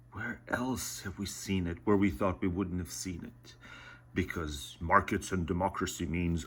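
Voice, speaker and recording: A man's voice: low voice, animated, measured pace, fairly bright tone, husky. Sarcastic male commentator who laughs a lot. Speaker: streamer reacting to a clip. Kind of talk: casual reaction commentary.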